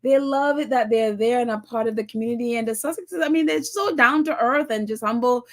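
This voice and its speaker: A woman's voice: fairly high pitch, fairly quick. A woman hosting a casual commentary show, reading viewer comments aloud and laughing often as she talks. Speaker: commentary channel host.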